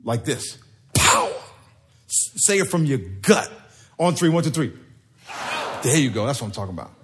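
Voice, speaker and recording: A pastor preaching a sermon in a church, talking in a playful, conversational way and leading the congregation in call-and-response. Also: male voice, mid-range voice, big pitch swings, moderate pace, background noise. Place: church sanctuary.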